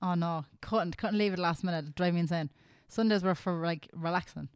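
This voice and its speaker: A young woman co-hosting a casual podcast chat, blunt and expressive. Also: fairly low pitch, smooth, no echo, studio quality. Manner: expressive, blunt, quick to laugh. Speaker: podcast co-host.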